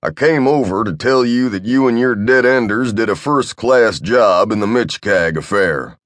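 A brusque, blunt general barks out his news in short clipped bursts, pitched a little higher than the teller's own low voice, as a man acts him out. The audiobook was recorded dry and close, with no room sound at all. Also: moderate pace, a bit bright, no echo, natural voice. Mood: gruff, pushy.

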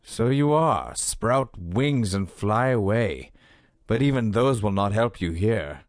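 A man's voice: fairly low pitch, animated, slow, no room sound, clean studio sound. A man voicing a scornful jailer guard who taunts his prisoner. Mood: mocking. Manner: sneering, taunting.

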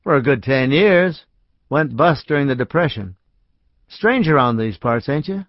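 A chatty small-town businessman with a folksy drawl, voiced by a male storyteller. He talks in homespun, easygoing phrases, pitched a little up. The recording is dry and slightly dull, like a close studio read. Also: expressive, moderate pace, no room sound, lightly acted.

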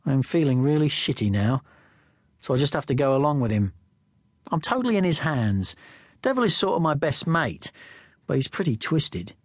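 A man's voice: on the high side, big pitch swings, normal speed, long pauses, husky, no room sound, clean studio sound. A man reading a teen novel in the first person, with a wry, conversational manner. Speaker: audiobook narrator. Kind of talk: first-person audiobook narration.

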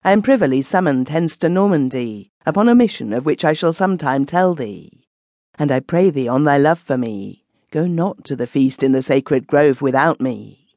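A woman's voice: deep voice, expressive, normal speed, darkish tone, dry recording. A woman voicing a troubled young huntsman who implores urgently in archaic speech. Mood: pleading.

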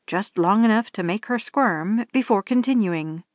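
A woman narrating a romance audiobook in a steady storytelling manner. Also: mid-range voice, a little slow, hardly any pauses, no room sound. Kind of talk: scripted narration.

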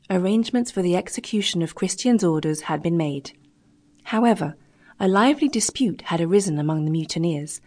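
Lady reading an old adventure book, measured, lowish voice. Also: darkish tone. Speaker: audiobook narrator. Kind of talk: scripted narration.

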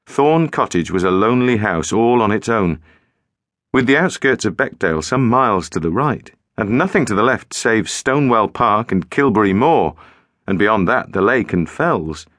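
Lively male audiobook narrator. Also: lowish voice, dry recording, studio quality. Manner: measured, suspenseful storytelling. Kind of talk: scripted suspense narration. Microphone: studio microphone.

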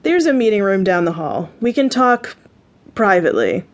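A woman's voice: mid-range voice, big pitch swings, moderate pace, close to an everyday voice. A woman voicing a polished, condescending male talent scout in an audiobook, speaking in a businesslike way.

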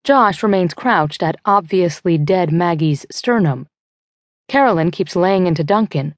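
A woman narrating a young adult thriller audiobook in first person, measured and tense, on a close studio mic. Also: lowish voice, animated, no echo.

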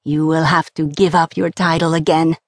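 A woman's voice: low voice, little pitch movement, moderate pace, no room sound, studio quality. Woman reading Atreus, a joyful young fiancé. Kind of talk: audiobook character voice.

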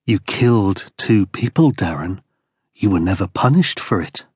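A man voicing a muffled masked captor who speaks slowly and taunts with controlled anger. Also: deep voice, expressive, a little mellow, husky, no echo, clean studio sound, full character voice. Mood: taunting. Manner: slow, measured and taunting.

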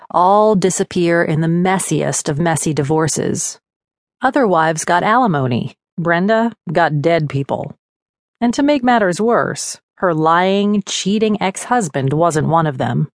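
A woman narrating an audiobook in a measured, wry manner from a studio. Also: fairly low pitch, no echo. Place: recording studio.

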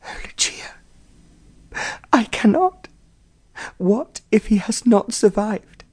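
A man's voice: sits high, expressive, slow, darkish tone, husky, voice pushed up, full character voice. A man playing a fragile, fretful older lady. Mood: fearful. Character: fragile, fainting older aristocratic mother.

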